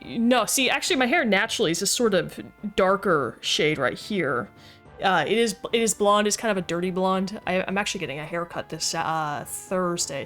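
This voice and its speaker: A goofy, talkative woman streams a game from her desk and chats casually with viewers. Her voice sits at an ordinary middle pitch. Faint game music plays softly behind her. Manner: chatty, goofy, reads chat aloud. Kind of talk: casual livestream chat.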